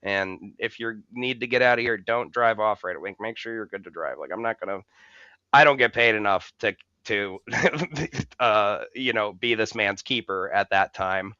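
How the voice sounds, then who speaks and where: A man telling a long, rambling story on a podcast, swearing freely and laughing along the way. His voice is bright and smooth, heard through a dry, slightly dull mic. His tone is loose and chatty. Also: on the low side, moderate pace, no room sound. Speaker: podcast co-host. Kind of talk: casual storytelling.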